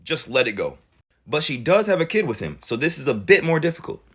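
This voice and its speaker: A man giving reaction commentary to viewers, animated and full of rhetorical questions. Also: on the high side, brisk, slightly rough. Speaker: commentary creator reacting to clips.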